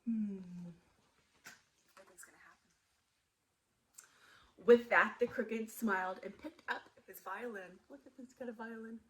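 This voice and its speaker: A woman museum storyteller reading a picture book aloud to children, animated and asking them questions. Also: a little high, unhurried, long pauses, rough recording.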